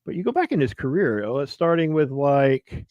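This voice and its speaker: A man's voice: fairly high pitch, very animated, normal speed, darkish tone, dry recording, muffled recording. A man co-hosting a casual podcast chat, swearing freely and reeling off film facts. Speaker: podcast co-host.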